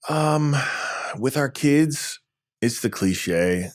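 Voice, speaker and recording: A man in his forties from New York, a tech entrepreneur guest telling lively stories in a podcast interview. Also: medium pitch, extremely slow. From New York, USA. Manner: lively anecdotal storytelling, acts out dialogue.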